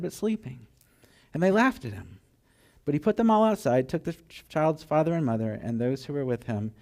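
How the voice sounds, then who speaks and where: A man preaching a sermon, telling the story with animated acted-out voices and dropping to a hushed, tender tone at moments. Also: medium pitch. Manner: drops to soft, hushed tones for tender moments. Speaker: pastor.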